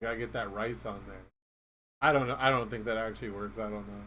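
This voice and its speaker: A man's voice: on the low side, steady tone, fast, sharp tone, a little hiss or hum. A man co-hosting a live stream, chatting casually in a laid-back, slangy way and laughing easily. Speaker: co-host. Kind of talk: casual chat about a card game.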